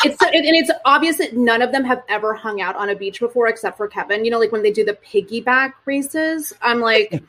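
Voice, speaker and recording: A woman's voice: on the high side, brisk, fairly bright tone. A woman comedian guesting on a podcast over a video call, chatting bluntly with strong opinions. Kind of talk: casual chat.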